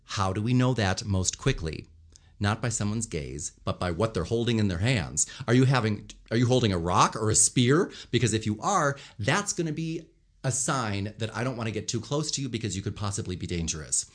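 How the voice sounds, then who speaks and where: Man, low voice, very lively pitch, speech coach, explanatory, demonstrates tones. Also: brisk. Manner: animated, demonstrates tones and gestures while explaining. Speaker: communication coach. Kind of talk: instructional commentary on speaking.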